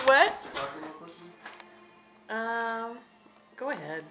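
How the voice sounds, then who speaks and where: Mother doing sing-song baby talk, high and lively, on a dull lo-fi home video with music behind. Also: slow pace, pauses often. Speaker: mother talking to her baby.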